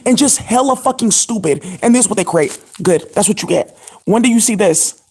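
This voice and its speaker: A channel host delivers a long, scattered monologue to camera. The voice is husky and sits at an ordinary middle pitch. The talk is profane and indignant, full of fillers and restarts. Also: expressive, a little fast, darkish tone.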